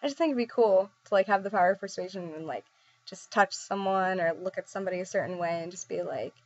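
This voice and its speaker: Chatting quickly in a mid-range voice, a young woman answers questions on her vlog, rambling casually, giggly and self-deprecating. The recording is lo-fi, dull, and dry.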